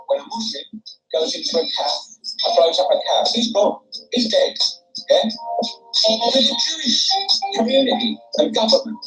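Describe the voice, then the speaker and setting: A man's voice: extremely high pitch, sing-song, measured pace, long pauses, a bit bright, low-quality recording. A man ranting emphatically in a played livestream clip. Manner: emphatic, argumentative. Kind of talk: ranting monologue. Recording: clip with music underneath. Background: music.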